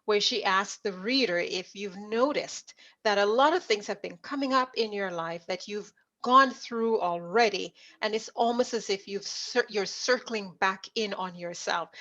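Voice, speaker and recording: A middle-aged woman from Jamaica, a leadership coach, telling stories from her life as an interview guest and acting out remembered dialogue. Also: mid-range voice. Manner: animated storyteller, acts out remembered dialogue. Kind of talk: conversational storytelling interview. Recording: dull lo-fi audio.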